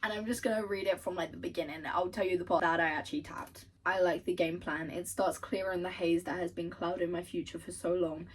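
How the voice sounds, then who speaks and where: A woman's voice: fairly low pitch, fairly even intonation, fairly quick, few pauses, husky, recorded from a distance, rough recording. A young woman book vlogger chatting casually and gushing over quotes she reads aloud, swearing now and then. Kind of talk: casual chat and reading aloud.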